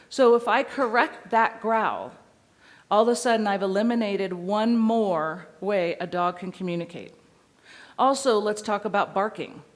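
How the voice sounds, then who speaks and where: Addressing a seminar crowd, a woman who trains dogs keeps her teaching lively and playful. Her pitch is mid-level, and every so often she voices what a dog might be saying.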